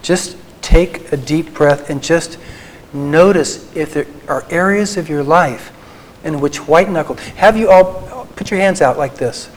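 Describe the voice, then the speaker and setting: A man, a Christian psychologist, giving an earnest faith talk to a group, slowing down and softening for emphasis. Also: fairly high pitch, a little hiss or hum, low-quality recording. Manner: earnest, tender, slows for emphasis.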